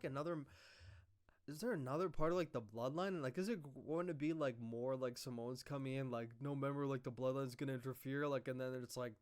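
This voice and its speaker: A young man casually recapping a wrestling show, excitable and full of fillers and swearing. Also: medium pitch. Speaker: wrestling review host.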